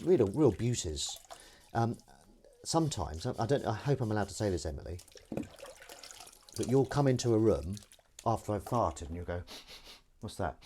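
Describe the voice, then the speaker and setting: A man's voice: lowish voice, mellow, a little hiss or hum. A British man streaming live as he washes up, chatting and joking with viewers in a self-deprecating way. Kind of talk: casual chat while washing dishes. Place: home kitchen at the sink.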